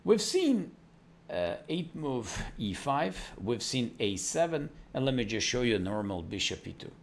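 Lively man explaining chess moves. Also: creaky. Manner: animated, rapid move lists with frequent fillers and pitch jumps. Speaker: chess teacher. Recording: faint background noise.

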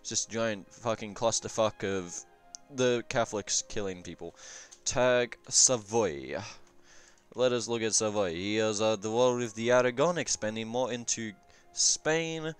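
A man's voice: lowish voice, measured pace, smooth, faint music behind. A young man giving casual, rambling game review commentary, swearing often and offhand. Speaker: gaming commentator.

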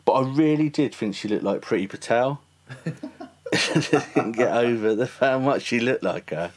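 A man's voice: mid-range voice, normal speed. A man hosting a casual film podcast, chatty and laughing often. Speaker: podcast host.

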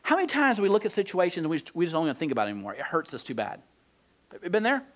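A male pastor preaching a conversational sermon in church, moving between soft, slow emphasis and animated outbursts. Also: fairly high pitch. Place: church sanctuary.

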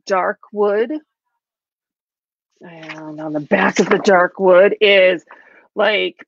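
A woman's voice: medium pitch, dry recording. A woman co-hosting a craft show, showing products casually and gushing with gasps and lots of fillers. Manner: gushing, gasping, many fillers. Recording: slightly dull, dry sound.

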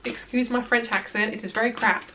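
A young woman talks through a tarot spread for her viewers in a loose, chatty way. Her voice sits a little higher than most women's, and she reassures her audience while filling pauses with "like" and "um.". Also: steady tone, sharp tone, slight background noise. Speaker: tarot reader. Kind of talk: casual tarot reading vlog.

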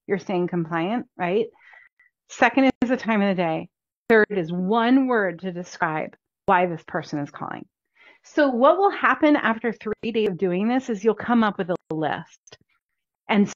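A woman's voice: mid-range voice, no room sound. Upbeat woman coaching, dull dry sound. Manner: chatty, upbeat, repeats key points. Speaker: chiropractor coaching practice owners. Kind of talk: instructional talk.

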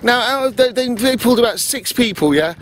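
A man's voice: very high voice, animated, fairly quick, fairly bright tone. A man with a profane, emphatic manner delivers a ranting vlog monologue, tagging "yeah?" onto his points. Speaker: vlogger.

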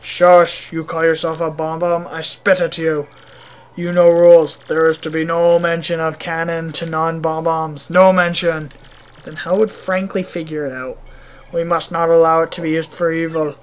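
A woman voicing gruff male bomb villagers with a deliberately clumsy mock Russian accent, clipped and theatrical. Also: deep voice, level tone, lightly acted. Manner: terse, clipped, theatrical, with "da" fillers.

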